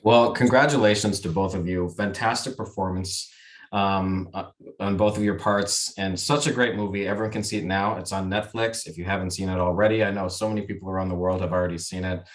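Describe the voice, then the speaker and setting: A man's voice: deep voice, steady tone, a little fast. A man hosting an interview over a video call, asking questions in an upbeat, friendly way. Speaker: interviewer host. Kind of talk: webchat interview.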